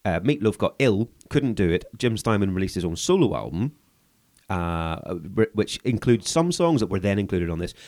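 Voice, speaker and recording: A man from England co-hosting a casual podcast, filling in background with a dry wit. His voice is lowish but swings widely in pitch. He speaks in a relaxed, conversational way. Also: moderate pace. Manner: explanatory, dry-witted. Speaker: podcast co-host.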